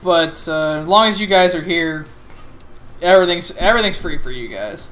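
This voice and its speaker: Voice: mid-range voice, expressive, moderate pace, a bit bright, faint music behind, natural voice. Game master voicing a thankful arcade owner. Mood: friendly. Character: grateful male arcade owner.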